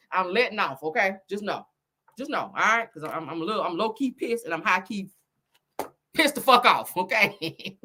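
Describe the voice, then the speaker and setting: A sassy woman dishes gossip straight to her viewers, laughing often and calling them honey and girl. Her voice is husky, and her pitch swoops up and down as she talks. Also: bright, forceful tone. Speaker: gossip commentary host. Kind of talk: casual gossip commentary.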